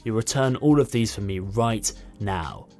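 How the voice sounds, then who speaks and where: A man's voice: on the low side, animated, measured pace, darkish tone, faint music behind. Man doing a rude, demanding older woman. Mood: impatient. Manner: demanding, scornful. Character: rude, impatient older mother, shopper.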